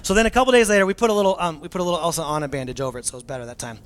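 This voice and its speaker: Pastor, male, 30s, slightly high voice; relaxed self-deprecating sermon delivery. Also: very fast. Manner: casual, self-mocking storytelling with fillers.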